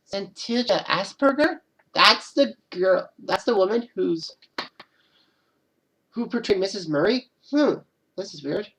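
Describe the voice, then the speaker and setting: A woman's voice: medium pitch, lively intonation, measured pace, long pauses, fairly bright tone, poor audio. A woman hosting her own channel, talking alone in a rambling casual way and often repeating "and all that.". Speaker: channel host. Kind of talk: casual solo commentary.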